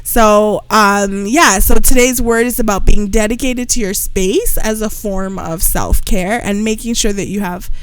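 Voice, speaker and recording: A woman's voice: mid-range voice, measured pace, few pauses, smooth, no room sound, poor audio. A woman co-hosting a podcast in casual, playful chat, who jokes around with put-on accents. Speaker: podcast co-host.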